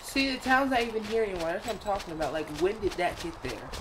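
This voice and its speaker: A man's voice: high voice, big pitch swings, fast. A man hosting his own gaming channel, playing a horror game and talking nervously to himself as he goes. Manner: jumpy, nervous, talks to himself. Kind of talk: horror game let's play commentary. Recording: loud background noise.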